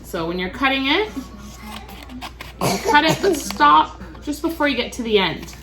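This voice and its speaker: A woman leads a casual craft tutorial, explaining each step in a relaxed, chatty way. Her voice is high and bright. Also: normal speed, faint music behind. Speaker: crafts instructor.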